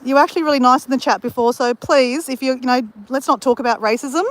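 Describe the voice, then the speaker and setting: Her voice sits high and moves fast as she walks beside the sea, phone in hand, livestreaming. This vlogger chats casually, greets viewers by name and laughs with ease.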